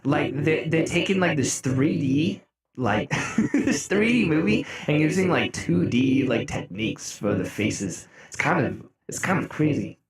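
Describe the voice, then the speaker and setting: A young man streaming live, chatting casually with his viewers, laughing often and breaking into mock-outraged shouts. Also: a little high, animated, measured pace. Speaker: music streamer. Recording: roomy echo.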